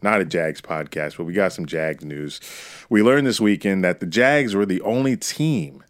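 A young man co-hosting a podcast, talking in loud, crude, rambling banter. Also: low voice, animated, normal speed, no room sound, clean studio sound. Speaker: podcast co-host. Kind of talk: casual chat.

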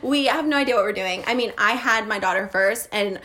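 A woman's voice: medium pitch, brisk, background noise. A young woman co-hosting a podcast in casual chat. She laughs often and acts out what other people said. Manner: chatty, laughs often, quotes people in voices. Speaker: podcast co-host.

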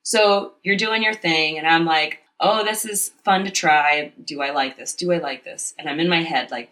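Woman cohost, lowish voice, chatty and super open, telling her own story. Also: normal speed, few pauses. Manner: open, confessional, animated storytelling. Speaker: podcast co-host. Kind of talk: candid casual chat.

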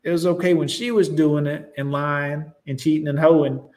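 A man's voice: a little high, fairly even intonation, normal speed, a little mellow. A young man ranting sarcastically and profanely as he reacts to news clips. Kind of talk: casual reaction commentary.

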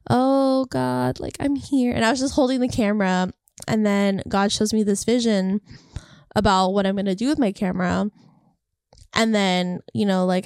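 A young woman faith vlogger from California talks casually and earnestly to the camera about faith and encouragement, rambling in a heartfelt way. Her medium-pitched voice is clean, recorded in a clean studio with no echo.

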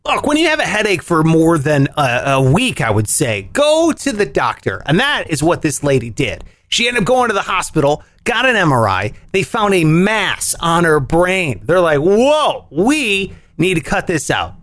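A man hosting a comedy news rant podcast, jokey and animated, swinging his voice up and down for punchlines. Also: a little high, normal speed, hardly any pauses, no room sound. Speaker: podcast host.

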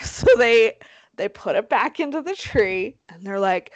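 A woman co-hosting a casual chat, telling a story in an animated, profane, self-mocking way. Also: on the high side, measured pace, dry recording, poor audio. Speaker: podcast co-host.

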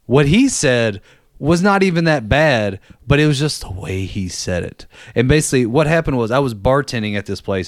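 A man's voice: medium pitch, no echo, studio quality. A young man telling a story about an old job, blunt and swearing, in casual podcast chat. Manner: blunt, profane, conversational.

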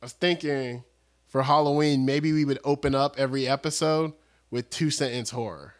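A man's voice: mid-range voice, moderate pace. Joking, rambling young man on a podcast. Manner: rambling, joking, restarts stories. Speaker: podcast co-host. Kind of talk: casual chat.

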